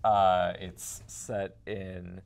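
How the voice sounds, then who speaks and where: A young man on a community TV panel, talking hesitantly with many pauses and fillers. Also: deep voice, little pitch movement, vocal fry, a little hiss or hum. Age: young adult. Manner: hesitant, many ums and uhs. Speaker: media intern, panelist. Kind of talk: casual panel discussion.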